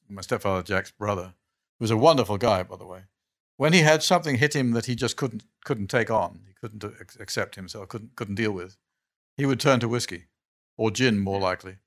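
An older man, a guest on an interview, telling long anecdotes in a lively, chuckling way and often restarting his sentences. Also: lowish voice, brisk. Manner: animated, chuckling storyteller who trails off and restarts. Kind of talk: anecdotal storytelling in a casual interview.

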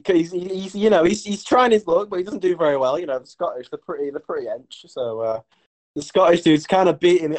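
Giggly, animated man telling a story. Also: fairly high pitch, poor audio. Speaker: podcast co-host. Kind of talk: casual comic storytelling.

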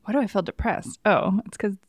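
A woman co-hosting a podcast in casual chat, easygoing and quick to laugh. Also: medium pitch, no room sound, studio quality. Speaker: podcast co-host.

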